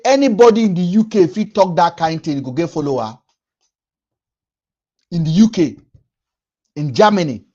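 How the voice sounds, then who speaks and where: Young Nigerian man, Pidgin accent, lively high-pitched livestream ranter, muffled stream sound. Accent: Nigerian Pidgin English. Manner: emphatic, repeats lines for effect. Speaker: livestream host. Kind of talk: animated livestream rant.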